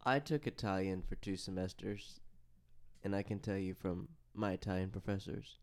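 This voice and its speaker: A man's voice: sits low, moderate pace, a little mellow. A young man co-hosting a casual podcast, teasing in a dry, matter-of-fact way. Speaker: podcast co-host.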